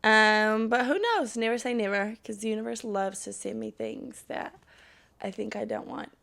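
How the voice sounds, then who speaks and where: A woman's voice: mid-range voice, sing-song, normal speed, vocal fry, fairly bright tone. A young woman hosting a solo podcast, chatting casually and profanely, then giving a fired-up pep talk. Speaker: podcast host.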